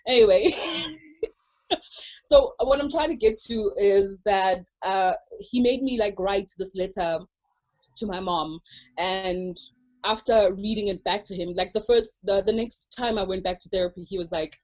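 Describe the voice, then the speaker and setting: A woman's voice: medium pitch, a little slow, rough recording. A woman in casual chat as co-host, telling a rambling story with lots of restarts.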